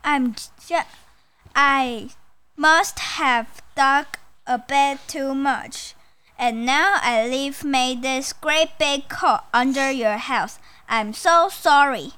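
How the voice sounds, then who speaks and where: A woman's voice: high-pitched, slow pace, bright, forceful tone, heavily acted. A woman voicing a tiny young male mouse who is apologetic and sheepish, in a children's story.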